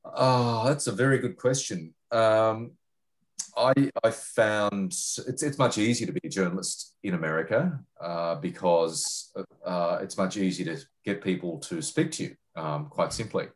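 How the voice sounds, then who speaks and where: Low-voiced Australian man, halting answers. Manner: hesitant, many fillers and restarts. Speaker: journalist and foreign correspondent. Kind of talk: interview answers.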